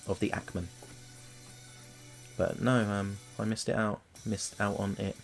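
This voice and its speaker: A man's voice: lowish voice, fairly even intonation, measured pace, gravelly, pauses often, soft background music. A man, chatting casually and jokingly while streaming himself painting miniatures. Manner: chatty, jokey, rambling. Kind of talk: casual chat.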